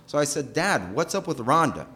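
Animated man telling a heartfelt story. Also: moderate pace. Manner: emotional, animated, pitch rising and falling sharply. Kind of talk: personal storytelling.

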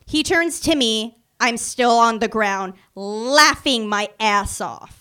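A young woman telling a funny story about her own past to the camera, animated and self-mocking, acting out the other people's voices as she goes. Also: on the high side, a little slow, few pauses, clean tone. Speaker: vlogger. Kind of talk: storytime anecdote.

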